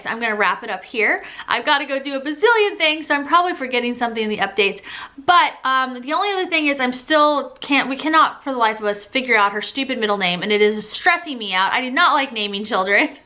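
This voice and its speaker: Young woman, pregnant, rambling vlog chat, frequent laughs, fairly high, bright tone. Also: lively intonation, a little fast. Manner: chatty, rambling, laughs often. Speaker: vlogger. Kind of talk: casual pregnancy update vlog.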